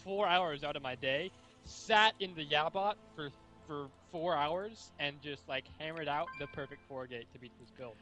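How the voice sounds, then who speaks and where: A man's voice: fairly high pitch, moderate pace, hardly any pauses, pushed and bright, faint music behind. A man co-casting a live strategy game tournament, chatty and explaining strategy. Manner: chatty, explains builds, rambling. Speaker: esports co-caster. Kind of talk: casual live game commentary.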